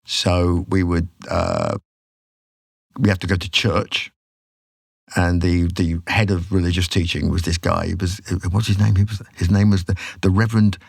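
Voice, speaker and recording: Gravelly-voiced man in his sixties. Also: low voice, normal speed, no room sound, studio quality. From England. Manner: animated storyteller, acts out quotes. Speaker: podcast guest, rock singer. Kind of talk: casual storytelling.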